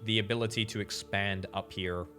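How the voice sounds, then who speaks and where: A man giving chatty commentary while playing a management game, thinking out loud and repeating words for emphasis, with faint game music behind him. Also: lowish voice, fairly even intonation, brisk. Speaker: game streamer. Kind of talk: gameplay commentary.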